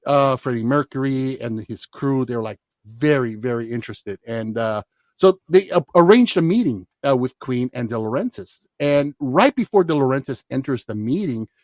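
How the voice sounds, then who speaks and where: A man's voice: mid-range voice, lively intonation, moderate pace, darkish tone, dry recording, studio quality. A man hosting a casual movie podcast, telling stories with lots of fillers and restarts. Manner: storytelling, hesitant with many fillers. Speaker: podcast host.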